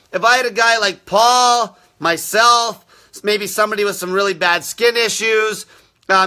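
Foul-mouthed bright-voiced male ranter. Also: high voice. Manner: aggressive, constant swearing, insulting viewers. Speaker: fasting diet coach hosting a live show. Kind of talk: profane live-stream rant.

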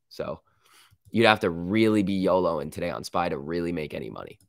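A man's voice: deep voice, lively intonation, brisk, dry recording, clean studio sound. A man with a sick voice hosting a live stock market stream, reading chat and reacting in casual slang. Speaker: stock market livestream host.

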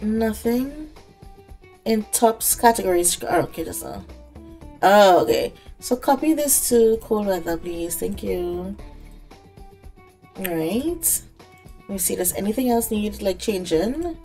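A woman's voice: mid-range voice, big pitch swings, slow pace, pauses often, dark tone, soft background music. A woman giving casual let's-play commentary, chatting away and talking to the game characters. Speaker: gaming creator.

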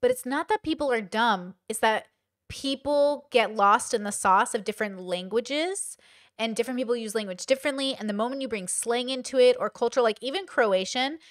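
A woman's voice: a little high, normal speed, no echo, studio quality. A woman giving casual, emphatic commentary on a video, talking straight to her viewers. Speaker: reaction commentator.

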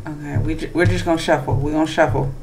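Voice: medium pitch, fast, gravelly, a little hiss or hum. A gamer commentating a horror game, chatty and nervous, talking back to the characters on screen and to other players. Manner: nervous, hushed asides between excited outbursts. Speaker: gamer playing horror games. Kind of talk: let's play commentary.

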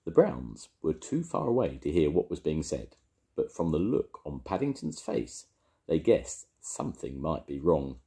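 An older man reading a children's picture book aloud to his grandchildren, lively and expressive. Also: very deep voice, measured pace, creaky. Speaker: storytelling grandfather.

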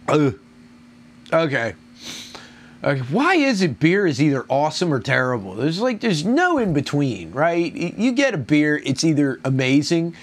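A man reviewing a beer on his own, rambling, groaning and complaining in crude language. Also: fairly high pitch. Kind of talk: casual solo review.

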